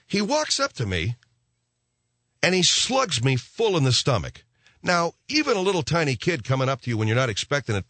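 A man's voice: medium pitch, fairly bright tone, dry recording. A middle-aged man telling a profane, sarcastic, rambling comic story. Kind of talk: ranting comic monologue.

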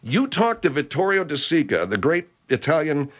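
On a comedy talk show, a male radio host gets worked up and argues at a fast clip. He's excitable, and his pitch jumps all over as he makes his case.

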